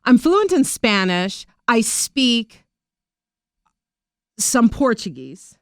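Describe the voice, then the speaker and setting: A middle-aged woman, an actress, talking casually in an interview, animated and rambling, often laughing. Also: a little high, very slow, no echo, studio quality.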